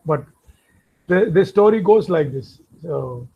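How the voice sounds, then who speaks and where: A man tells an anecdote during a workshop lecture, with chatty asides to his listeners. His voice is husky and sits fairly high for a man. The recording has a dull, lo-fi sound. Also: takes it slowly. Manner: animated anecdotal storytelling with asides. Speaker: workshop instructor. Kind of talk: lecture storytelling.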